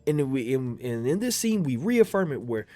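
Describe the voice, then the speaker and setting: A young man giving casual commentary on an anime episode, rambling and profane, repeating himself and jumping suddenly loud and high when worked up. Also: big pitch swings, moderate pace, soft background music. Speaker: anime reaction video creator.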